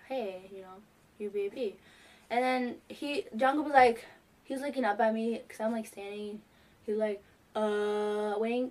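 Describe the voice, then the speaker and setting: A young woman telling an excited, rambling story to camera, filled with "like". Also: a little high. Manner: excitable, heavy use of "like". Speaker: fan vlogger. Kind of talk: casual storytelling.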